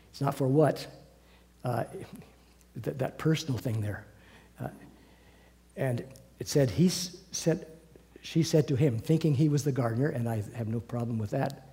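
A man preaching a sermon, earnest and halting, often breaking off and restarting his sentences. His voice is mellow and dark, and it rings with the long reverb of a large hall. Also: mid-range voice, creaky. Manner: earnest, halting, many restarts, drops to soft asides.

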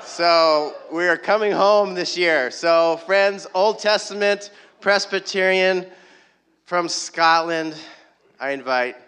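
A man introducing a guest speaker to a church audience in a slow, deliberate, announcing manner. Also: sits high, fairly bright tone, smooth, poor audio.

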